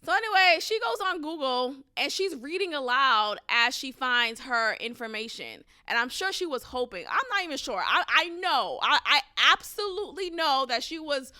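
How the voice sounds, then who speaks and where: Woman podcast host, high bright voice, emphatic storyteller, dry close sound. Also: big pitch swings, normal speed, few pauses, dry recording. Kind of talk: casual storytelling chat.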